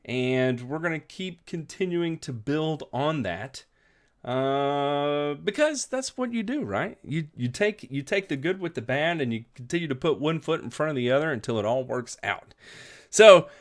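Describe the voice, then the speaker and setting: A man's voice: a little high, expressive, a little slow. A man hosting a live lawn care show, upbeat and folksy, greeting viewers by name and chatting casually. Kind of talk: live-stream chat with viewers.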